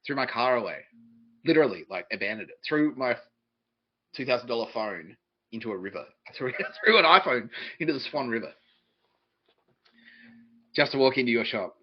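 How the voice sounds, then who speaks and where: A husky man rants through a rambling, profane podcast monologue, swearing freely and slipping into mocking voices. His voice sits mid-range, and the recording sounds dull and lo-fi. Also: mid-range voice, animated, normal speed, pauses often. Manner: profane, ranting, mocking others in put-on voices. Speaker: podcast host.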